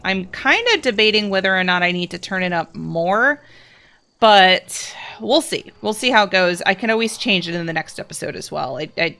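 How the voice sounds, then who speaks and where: A woman from New Jersey with a New Jersey accent, chatting casually at her home desk while playing a game. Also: on the low side. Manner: chatty, rambling, excitable in combat. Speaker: let's play host. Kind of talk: casual gameplay commentary.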